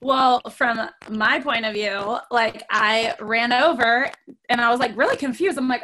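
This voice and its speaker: Middle-aged female podcast host, animated casual storyteller, bright higher voice. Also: moderate pace, a little hiss or hum, rough recording. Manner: animated, acts out quoted voices.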